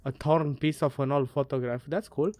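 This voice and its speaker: A woman's voice: extremely low pitch, fairly even intonation, moderate pace, dark tone, dry recording. A woman playing a puzzle game and giving let's play commentary, muttering, swearing and laughing to herself. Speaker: gamer.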